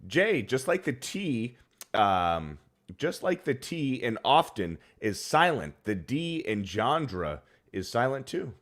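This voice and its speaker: A man's voice: medium pitch, very animated, takes it slowly, fairly bright tone. A man co-hosting a casual livestream show, reading viewer messages aloud and laughing along. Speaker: co-host reading super chats.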